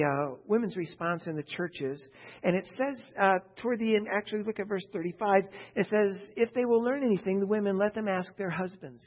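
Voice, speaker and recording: Emphatic high-voiced male preacher, muffled. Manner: emphatic, rising to forceful bursts and rhetorical questions. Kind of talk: sermon. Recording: dull, muffled lo-fi sound.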